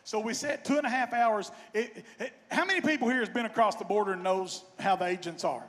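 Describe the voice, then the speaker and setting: A man's voice: high voice, brisk. Folksy bandleader in his fifties. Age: 50s. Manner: folksy, joking, warm-hearted. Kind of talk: stage banter and storytelling. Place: outdoor festival stage. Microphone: stage microphone. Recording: long reverb of a stage sound system.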